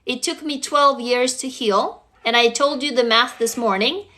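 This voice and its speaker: A woman's voice: a little high, a little slow, pushed and bright. A woman hosting a motivational livestream, talking bluntly and emphatically to her viewers, swearing freely and urging them to commit. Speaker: livestream host.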